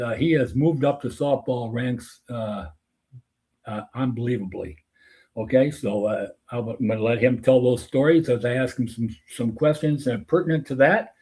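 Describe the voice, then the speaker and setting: Older man, husky voice, folksy rambling podcast host. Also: medium pitch, a little mellow. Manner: folksy, rambling with many uh fillers. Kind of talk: casual chat.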